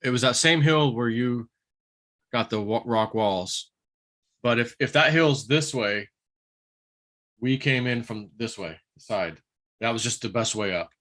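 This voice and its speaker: Bright-voiced chatty middle-aged man. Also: medium pitch, a little slow, long pauses. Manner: chatty storyteller, acts out his own past words. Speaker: host. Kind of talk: casual chat.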